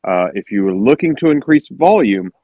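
A man's voice: fairly low pitch, big pitch swings, normal speed, no room sound, highs cut off. A man co-hosting a podcast, swearing freely and teasing his friends. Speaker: podcast co-host. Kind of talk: casual chat.

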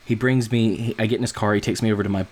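A man co-hosting a podcast, telling a long story in a rambling, animated way and acting out what people said. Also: lowish voice, rapid-fire. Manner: rambling, animated, acts out quotes. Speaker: podcast co-host. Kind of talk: casual storytelling chat.

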